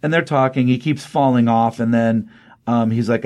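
A man's voice: medium pitch, steady tone, moderate pace, darkish tone. A man co-hosting a podcast, casually retelling a comic's story in a rambling way, slipping into quoted lines as he goes. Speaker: podcast co-host. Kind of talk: casual chat recapping comics.

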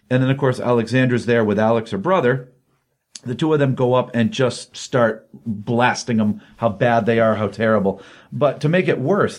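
A man's voice: mid-range voice, darkish tone. A man giving a casual, rambling recap of a comic book issue, full of ums and you-knows.

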